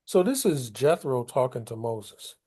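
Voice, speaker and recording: A man's voice: mid-range voice, animated, a little slow, warm tone, husky. A man leading a Bible study, explaining scripture in loose, colloquial everyday talk. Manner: colloquial, paraphrases scripture in casual street talk. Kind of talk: conversational Bible study teaching.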